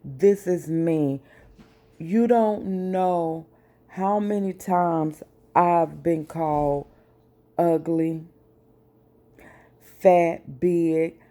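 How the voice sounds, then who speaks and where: A woman vlogger, speaking slowly and with feeling in a personal message to her viewers. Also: low-pitched, mellow. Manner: slow, deliberate, emotional.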